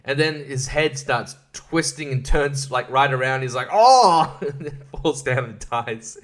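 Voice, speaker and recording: A man's voice: mid-range voice, steady tone, unhurried, a bit bright. A young man talks loosely through a film review, rambling and sarcastic. He laughs often and slips into mocking voices to make fun of what he describes. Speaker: podcast host reviewing films. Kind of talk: casual film review monologue.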